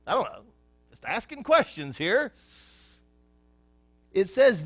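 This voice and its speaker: A pastor preaching a sermon, folksy and joking with the congregation, swinging from hushed lows to excited shouts. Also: male voice, slow pace, long pauses, no room sound, faint music behind.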